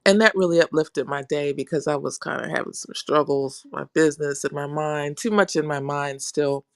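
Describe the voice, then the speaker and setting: A woman in her fifties with a somewhat low voice, recorded close and dry with no room around it. She chats casually over a video call and tells a funny family story, laughing often between her words. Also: moderate pace, dry recording. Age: 50s.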